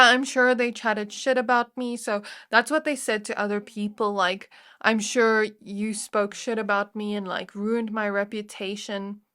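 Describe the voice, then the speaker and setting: Woman tarot reader with a mid-pitched voice, chatty and casual, talking straight to camera. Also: fairly bright tone, clean tone. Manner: chatty, filler-heavy, speaks straight to the viewer. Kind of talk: casual pick-a-card tarot reading.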